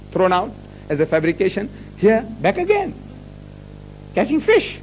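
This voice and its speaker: A man's voice: high voice, wildly swooping pitch, unhurried, long pauses, darkish tone, soft background music. An older man giving a live public lecture on religion in a meeting hall, rhetorical, boastful and mocking. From South Africa.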